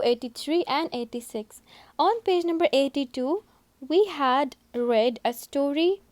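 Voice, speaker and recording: A woman teacher giving a recorded English lesson to young pupils, speaking slowly and repeating herself to explain each step. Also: sits high, a little mellow, no room sound. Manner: slow, repetitive, explaining step by step.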